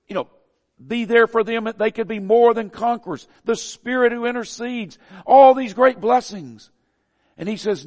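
A man's voice: sits high, in a large hall. A man with a Southern US accent preaching a sermon in a folksy, conversational way, building phrases to emphatic peaks. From American South.

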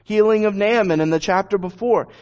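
A man's voice: high-pitched, a little fast, darkish tone. A man reading scripture and then preaching on it in an earnest, emphatic way. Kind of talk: Bible reading and sermon. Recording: dull lo-fi recording.

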